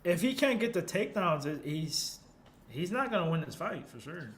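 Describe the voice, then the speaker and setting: A man's voice: on the high side, very animated, moderate pace, a bit bright. A man co-hosting a casual fight watch-along stream, full of laughing, teasing banter. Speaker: podcast co-host.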